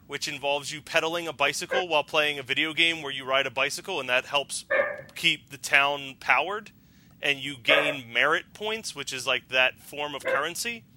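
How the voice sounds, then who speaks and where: A man co-hosting a podcast in casual, excited chat, rambling and swearing as he recommends shows. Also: a little high, moderate pace. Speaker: podcast co-host.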